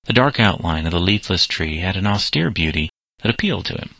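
A man reading a story aloud as narrator, in a steady, plain way. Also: sits low, a little fast, gravelly, no echo, rough recording.

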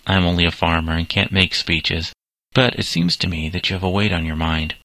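A man reading aloud, voicing a modest young farmer who speaks gently and earnestly. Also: sits low, expressive, brisk, dry recording, exaggerated voice.

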